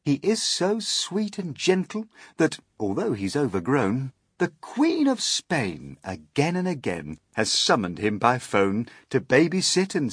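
A man reads a rhyming children's story in a playful, sing-song rhythm. His pitch rises and falls a great deal, with a slightly husky edge. The sound is close and dry. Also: no echo.

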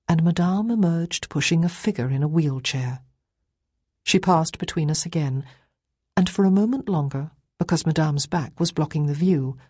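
Woman audiobook narrator, measured first-person storytelling, husky, dry close mic. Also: sits low, warm tone, no room sound.

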